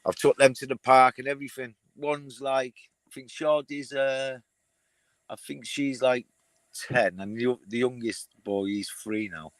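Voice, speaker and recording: Older bloke, laid-back chat, dry unechoing mic. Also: male voice, medium pitch, fairly even intonation, measured pace, no echo. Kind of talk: casual chat.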